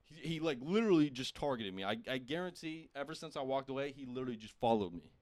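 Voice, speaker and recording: A young man casually telling a profane, animated story among friends, laughing often. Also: mid-range voice, fast talker, no echo. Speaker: podcast host.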